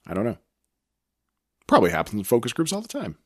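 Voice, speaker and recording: A man's voice: mid-range voice, wildly swooping pitch, quick pace. A man co-hosting a podcast, recapping a TV episode in a rambling, self-correcting casual chat. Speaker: podcast co-host.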